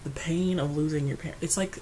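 A woman vlogger talking through her grief at home, rambling and restarting, going quiet and then loud. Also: low-pitched, fast, slight background noise, low-quality recording. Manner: grieving, rambling, restarts often, swings between quiet and loud. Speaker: beauty vlogger. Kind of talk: casual personal talk to camera. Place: her apartment.

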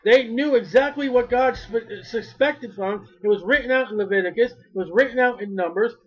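A man's voice: extremely high pitch, moderate pace, highs cut off. A male preacher giving a fervent sermon, repeating his phrases and rising to cries when he quotes.

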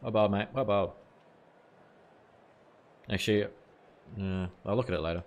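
A man's voice: on the low side, a little slow, highs cut off. A man streaming a cricket video game live, chatting casually with viewers and swearing now and then. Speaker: gaming streamer.

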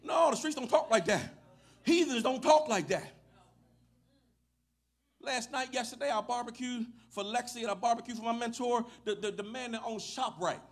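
High-voiced preacher shouting and storytelling. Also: male voice, normal speed. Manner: swings from shouting to low storytelling, laughs often; casual, folksy preaching with street slang. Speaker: pastor. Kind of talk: sermon.

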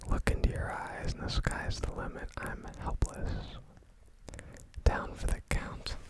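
A man voicing a young woman in love, in a whispered role-play of a rap, soft and low. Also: wildly swooping pitch, measured pace, vocal fry, full character voice, poor audio. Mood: tender.

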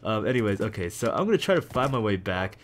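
A young man casually commenting on his own gameplay as a video host, rambling and excitable with lots of jokes. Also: fairly low pitch, fast talker, slight background noise. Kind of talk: casual let's-play commentary.

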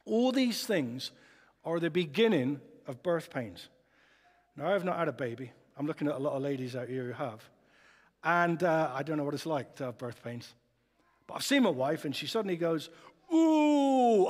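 A man preaching a sermon in a chatty, lively way, often putting rhetorical questions to the congregation. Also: a little high, moderate pace, husky. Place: church hall. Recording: long church reverb.

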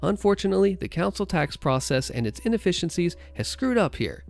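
A man voicing a calm, reasonable father in a story reading, measured and explanatory. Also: sits high, creaky, soft background music, exaggerated voice.

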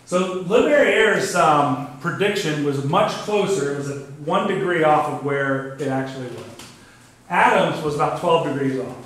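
A man with a fairly high, bright voice and lively intonation gives a casual astronomy lecture to a club, talking through his slides at normal speed. He's conversational, uses many fillers, and says "kinda neat." The room is very echoey, with faint background noise.

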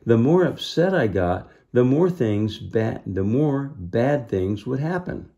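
A man voicing a frightened young boy with secret magic powers, speaking high, loud and pleading. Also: animated, takes it slowly, gravelly, muffled recording. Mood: distraught.

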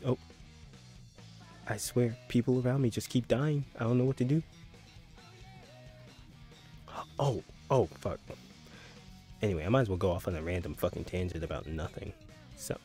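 A young man streams in a social VR game, trading crude jokes and giggling often in casual banter. His voice is fairly low and dark, at normal speed with long pauses, and faint music plays behind him.

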